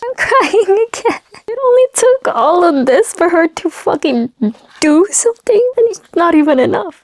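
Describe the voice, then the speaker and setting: A young woman chatting casually in a reading vlog, emotional and animated, swinging from excited squeals to tearful murmurs. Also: fairly high pitch, creaky, no room sound. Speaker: book vlogger.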